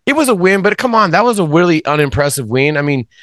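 A man's voice: on the high side, big pitch swings, fast, no echo, studio quality. A man hosting a casual sports podcast, talking frankly and emphatically with a rambling flow. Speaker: podcast host.

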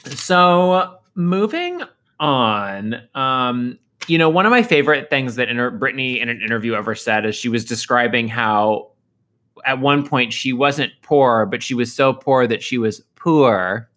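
A man's voice: medium pitch, animated, measured pace, sharp tone. A man co-hosting a podcast, chatting playfully and saying "like" often. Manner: playful, says "like" a lot. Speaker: podcast co-host. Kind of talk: casual chat.

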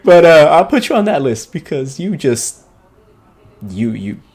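A man's voice: fairly high pitch, very animated, measured pace, darkish tone, husky. A man co-hosting a soccer podcast, giving profane, mocking rants and laughing at his own jokes. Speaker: podcast co-host. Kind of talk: casual soccer banter.

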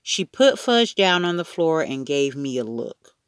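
A woman reading a children's story aloud in an expressive, unhurried narrating voice. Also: low-pitched, clean tone, no room sound, clean studio sound. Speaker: audiobook reader.

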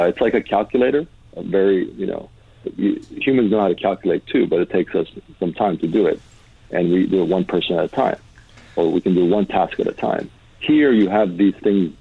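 A man's voice: deep voice, breathy edge, no echo. A man, a tech start-up founder and guest, explaining ideas in a casual interview, thoughtful and full of "uh" and restarts. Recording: dry, tinny phone-like line.

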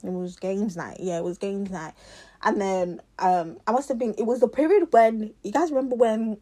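A young woman with a South London accent talks straight to her viewers, chatty and animated. Her voice sits mid-range for a woman, and she spills out the story with plenty of fillers and laughter along the way. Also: mid-range voice, quick pace, slightly rough. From South London, England. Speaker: vlogger. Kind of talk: casual storytelling to camera.

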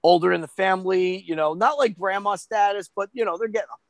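A man telling a story in casual chat, animated and profane, acting out the voices of the people he quotes. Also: sits high, fast, no room sound.

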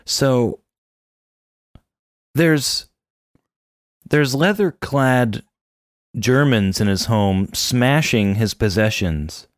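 A man's voice: medium pitch, extremely slow, pauses often, no room sound, clean studio sound. A man co-hosting a casual chat about a movie, loose and joking, swearing now and then. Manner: loose, swearing, laughs a lot. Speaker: podcast co-host.

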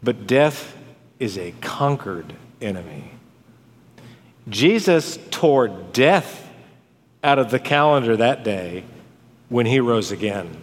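A man preaching a sermon as a pastor, swinging from dramatic rises to hushed drops on key words. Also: mid-range voice, lively intonation, slow pace, pauses often. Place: church sanctuary. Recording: long hall reverb.

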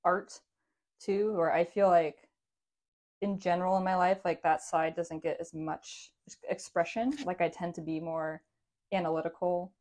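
Female podcast guest, slightly low voice, loose rambling chat full of laughs. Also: flat delivery, moderate pace, a little mellow. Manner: rambling, self-correcting, laughs often. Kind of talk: casual chat.

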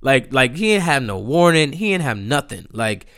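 A man's voice: medium pitch, moderate pace. A man telling a rambling, profane story in a casual monologue, acting out his friends' lines. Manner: animated, profane, mimics friends in quotes.

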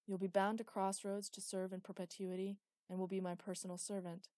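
Woman reading a soft sad god guy, flat low voice, mellow. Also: fairly quick, no echo, close to an everyday voice. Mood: sad, tender. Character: gentle, sorrowful male death god.

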